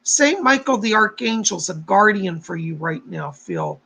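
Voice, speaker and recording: Poor audio carries the gravelly, husky voice of a man hosting a casual psychic stream, where he chats easily with viewers by name, leads a meditation, and does quick readings. His voice sits high with wildly swooping pitch and a bright, forceful tone.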